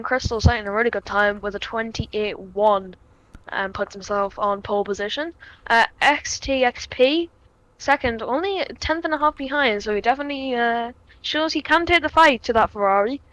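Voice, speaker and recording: A woman's voice: fairly high pitch, normal speed, fairly bright tone, dry recording, poor audio. A woman co-commentating an online racing league stream, reading out the grid and laughing often. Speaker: race commentator. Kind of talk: casual sim racing commentary.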